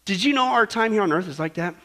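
A man with a very high, bright, sharp voice delivers a sermon. He drops to hushed, slow stretches, then swells into loud, emphatic preaching. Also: expressive.

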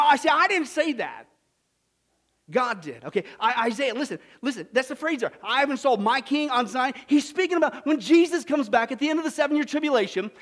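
A man preaching a sermon in an animated way, with laughing, mocking asides. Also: extremely high pitch. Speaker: pastor.

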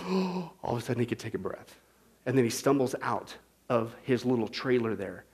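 A male pastor preaching a sermon, swinging between loud, emphatic passages and hushed whispers. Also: mid-range voice, moderate pace, husky. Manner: dramatic swings from shouting to whispering.

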